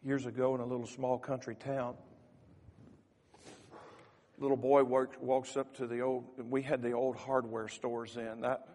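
A man's voice: medium pitch, level tone, unhurried, pauses often, mellow, big-room sound. A man preaching a sermon as a pastor, telling a folksy story and teasing the congregation.

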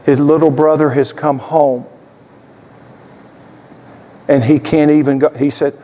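A male pastor delivers a sermon in a voice pitched high for a man. He tells the story dramatically, swinging from quiet, intimate moments to louder emphasis. His words trail off into a long reverb, as in a large hall. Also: flat delivery, measured pace. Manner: dramatic storytelling, swinging between loud and hushed.

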